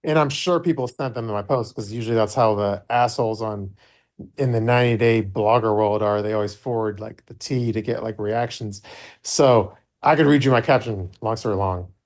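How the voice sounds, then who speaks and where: A man's voice: on the low side, normal speed, a little mellow. A man hosting a podcast, rambling in casual chat with frequent swearing and gossip. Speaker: podcast host.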